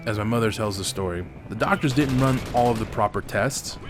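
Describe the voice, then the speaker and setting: A man's voice: on the low side, brisk. A young man hosting a gaming channel, candidly retelling a family story over gameplay and swearing freely as he talks. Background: faint background music.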